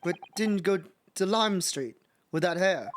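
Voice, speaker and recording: A man's voice: high voice, expressive, measured pace, a little hiss or hum. A man co-streaming a game, teasing and laid-back, also reading narration aloud. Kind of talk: casual let's play commentary and reading narration.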